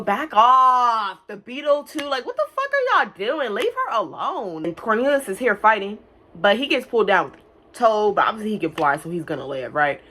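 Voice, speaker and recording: A young woman casually recapping an animated film, talking fast and loose with lots of filler words and swearing. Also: fairly low pitch. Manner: chatty, profane, many "like" fillers; quick bursts of mock-singing and silly character voices. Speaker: movie reviewer.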